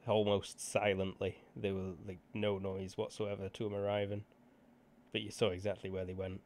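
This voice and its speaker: A man narrating as game master of a tabletop game, measured and unhurried with small fillers. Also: lowish voice, little pitch movement, darkish tone.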